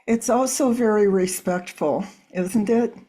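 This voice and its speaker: A woman's voice: mid-range voice, unhurried, mellow. A middle-aged woman hosting an interview, reading an introduction and asking prepared questions. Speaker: host.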